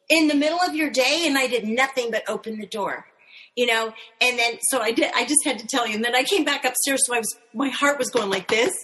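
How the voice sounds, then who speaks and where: A middle-aged woman chatting casually on a panel, animated and telling stories with frequent laughter. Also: high-pitched, poor audio. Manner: animated, storytelling, laughs often. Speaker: panel guest, puppeteer.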